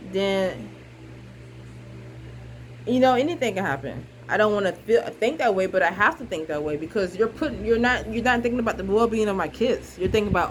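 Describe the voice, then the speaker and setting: A woman's voice: medium pitch, lively intonation, brisk, slight background noise, rough recording. A young woman venting on a vlog, frustrated and blunt, repeating herself and swearing freely. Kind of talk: emotional casual monologue.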